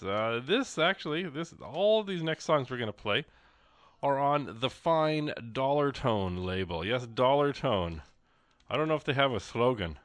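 A man's voice: medium pitch, fairly bright tone, dry recording. A man hosting a radio music show, chatting casually in a rambling, joking way with many fillers and restarts from the studio.

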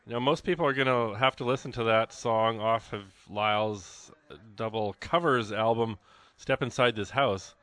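A man hosting a live radio fundraiser, chatting in an excitable, rambling, jokey way from a studio. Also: lowish voice, normal speed, no room sound. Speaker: radio host. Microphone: studio microphone.

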